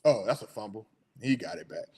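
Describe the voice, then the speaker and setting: A man's voice: on the low side, expressive, a little fast, mellow, husky. A middle-aged man hosting a casual sports talk show, chatty and hyped, laughing often.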